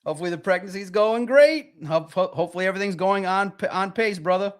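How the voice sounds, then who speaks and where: A man hosting a casual sports talk livestream, excitable and rambling, with a slightly raspy voice. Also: high voice, fast talker. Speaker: podcast host.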